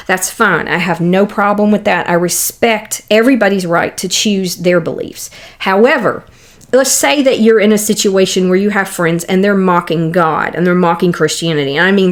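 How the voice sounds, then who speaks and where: A young adult woman hosts a Christian podcast, speaking at a middle pitch in an earnest, conversational way. She talks like a casual teaching monologue, with everyday fillers and restarts. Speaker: podcast host.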